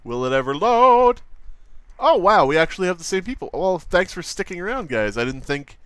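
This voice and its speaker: A man's voice: high-pitched, sing-song, normal speed, a bit bright, clear, resonant tone, no echo. A man chatting casually on a live stream while drawing at his desk at home, rambling, jokey and profane, often slipping into mock voices.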